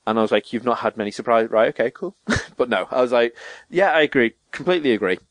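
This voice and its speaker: A young man, a podcast co-host telling stories in casual chat and jumping up in pitch to act out quotes. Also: fast, no room sound. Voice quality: animated storyteller, swearing, acting out quotes in a higher voice.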